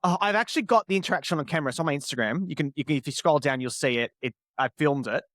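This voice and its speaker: Chatty man, slightly high voice. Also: racing, a bit bright, no room sound. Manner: chatty, laughs often, self-mocking. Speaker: podcast guest, producer. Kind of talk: casual chat.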